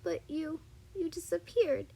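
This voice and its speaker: Tearful clingy little girl, high voice, read by a woman; fan story reading. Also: unhurried. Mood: crying.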